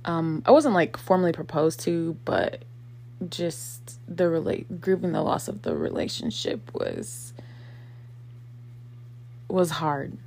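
A woman's voice: deep voice, big pitch swings, takes it slowly, gravelly, pauses often, darkish tone. A woman in her thirties talking casually and reflectively in a personal vlog, full of fillers and acted-out quotes. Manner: conversational, many fillers, acts out quotes. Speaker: vlogger.

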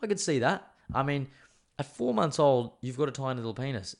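A man's voice: mid-range voice, very animated, brisk, gravelly. A man hosting his own show, chatting in a rambling, candid and opinionated way, his voice strained and dry. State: voice strained, worried about losing it. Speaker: podcast host. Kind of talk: casual solo show chat.

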